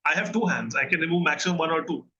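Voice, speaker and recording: A man's voice: on the high side, expressive, racing, pushed and bright, muffled recording. A man with an Indian English accent, a therapist giving an earnest lesson and often checking in with his listeners. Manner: earnest teaching, asks listeners questions and checks in. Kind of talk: recorded mental health lesson.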